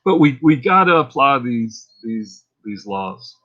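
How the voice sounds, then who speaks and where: Measured in pace and mid-range in pitch, this Texan man hosts a relaxed livestream on a recording with the highs cut off. His talk wanders and grows excitable as he gets fired up.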